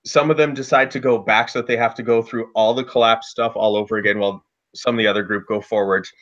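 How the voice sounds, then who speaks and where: A man telling a casual story about running a tabletop game, loose and lively, with lots of "like" fillers. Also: medium pitch, fast talker, muffled recording. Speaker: dungeon master guest.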